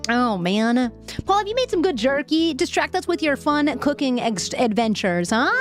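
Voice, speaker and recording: A woman with a high voice hosts a casual live stream. She reads news articles aloud and stops to vent and laugh, talking to her chat. Faint music plays underneath. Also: very animated, unhurried. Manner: emotional, frequently laughing and venting. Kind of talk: live-stream news commentary, chatting with viewers.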